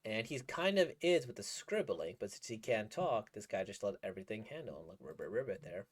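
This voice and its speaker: A man's voice: fairly low pitch, big pitch swings, fairly quick, slightly rough. A man giving casual, rambling commentary as he reacts to a manga he is reading, enthusiastic and laughing often.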